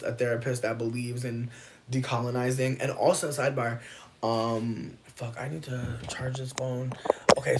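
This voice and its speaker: A vlogger in a loose stream-of-consciousness chat, telling stories in a profane, slangy way that keeps leaping up into high exclamations.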